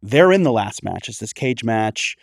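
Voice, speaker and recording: A man's voice: lowish voice, moderate pace, vocal fry, no room sound. Dry-sounding man telling a story. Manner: animated storyteller, acts out quoted voices. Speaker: podcast guest. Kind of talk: casual storytelling on a comedy podcast.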